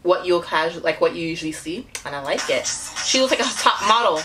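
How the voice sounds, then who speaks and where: A woman hosting a reaction video, excitable and slangy, laughing often as she comments on a music video. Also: on the low side, a little fast, noisy background. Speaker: YouTube reaction host.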